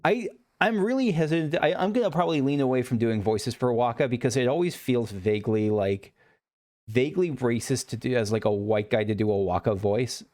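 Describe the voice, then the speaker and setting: A man's voice: mid-range voice, a little fast, darkish tone. A man hosting a let's play, reading game dialogue aloud and adding chatty, reflective asides full of filler words.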